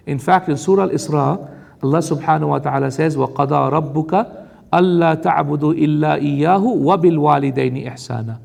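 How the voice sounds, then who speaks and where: A man delivering an emphatic sermon, mixing Arabic recitation with plain explanation and direct warnings to the audience. His voice sits a little high and has a gravelly edge. It carries the long reverb of a lecture hall. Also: a little mellow. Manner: recites Arabic verses between English explanation. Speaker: preacher. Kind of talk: sermon-style Quran commentary.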